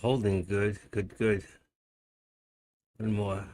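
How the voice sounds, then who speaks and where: A man's voice: fairly low pitch, level tone, takes it slowly, darkish tone, no echo, studio quality. A middle-aged man hosting a live stream, chatting casually and rambling to himself as he trades. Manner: rambling, muttering to himself, chuckling storyteller. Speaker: livestream host and day trader. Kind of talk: casual live-stream chat while trading.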